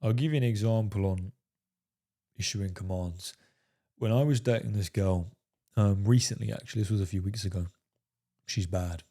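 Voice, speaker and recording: Low dark-toned guy giving dating advice to camera, blunt, keeps saying fellas and right. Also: normal speed. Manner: emphatic, repeats "fellas" and "right?", profane. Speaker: dating coach. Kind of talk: coaching monologue to camera.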